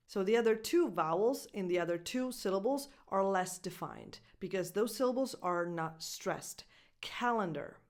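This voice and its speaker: A woman teaching English pronunciation who repeats each word slowly and deliberately, marking the stressed syllable. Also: medium pitch. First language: Italian. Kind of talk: pronunciation lesson.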